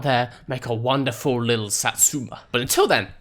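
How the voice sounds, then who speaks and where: A man's voice: mid-range voice, fairly even intonation, brisk, a bit bright. A man hosting a let's play video, giving playful, sarcastic commentary while talking straight to his viewers. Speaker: gaming video host.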